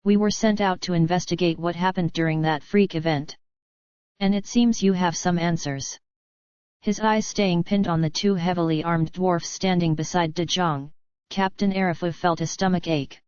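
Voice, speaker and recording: A woman reading a fan story aloud in a steady, even narration, close to the mic. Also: fairly low pitch, normal speed, clean tone, no echo, highs cut off.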